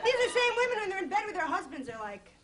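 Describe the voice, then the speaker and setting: A woman's voice: very high voice, sing-song, rapid-fire, a loud crowd. A young woman from Long Island doing a wry, self-deprecating stand-up routine on a television stage. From Long Island, New York. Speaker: stand-up comedian. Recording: loud studio audience and noise.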